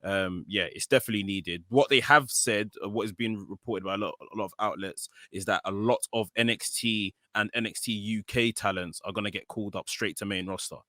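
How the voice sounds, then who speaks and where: A man co-hosting a podcast, giving relaxed, well-informed commentary in casual chat. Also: on the low side, a little fast, few pauses, dry recording, studio quality. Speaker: podcast co-host.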